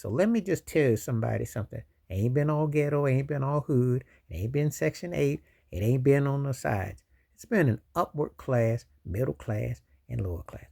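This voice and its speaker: Male vlogger, mid-pitch with gravel in the voice, casual and emphatic reaction commentary. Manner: rambling, emphatic, preachy asides. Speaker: YouTube commentator.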